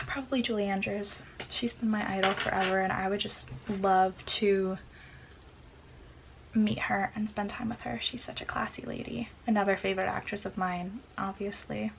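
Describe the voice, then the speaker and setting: A woman's voice: mid-range voice, steady tone, moderate pace, gravelly, a bit bright, slight background noise, poor audio. A woman in her twenties chatting casually through a get-to-know-me question list, giggling often and filling with "like". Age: 20s. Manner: chatty, giggly, many "like" fillers. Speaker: vlogger. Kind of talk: casual Q&A tag video.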